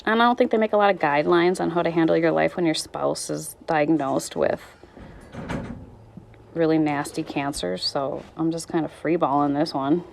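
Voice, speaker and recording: Weary, gravelly-voiced woman vlogging. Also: low-pitched, normal speed, a little hiss or hum. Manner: raw, rambling, restarts and trails off. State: struggling and weary. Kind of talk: candid personal vlog.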